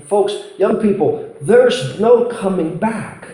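A man's voice: on the high side, animated, takes it slowly, dark tone, a little hiss or hum. A man preaching a sermon, telling a story with impassioned, pleading emphasis. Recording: roomy hall echo.

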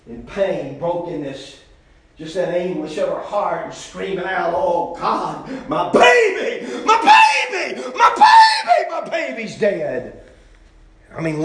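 A man preaching a sermon, telling the story in a folksy way and swinging from shouting to hushed tones. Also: high voice, roomy sound.

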